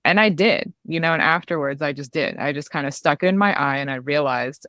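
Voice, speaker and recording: A woman's voice: low-pitched, fairly quick, hardly any pauses, a bit bright, no room sound, clean studio sound. A woman guest on a podcast, an emergency physician telling a candid personal story in a chatty way, full of "you know" and "like".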